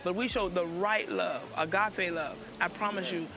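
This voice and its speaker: A woman's voice: on the low side, moderate pace, crowd noise. A middle-aged woman speaking earnestly and emotionally to her adult son, repeating phrases the way a preacher does. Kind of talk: heartfelt conversation.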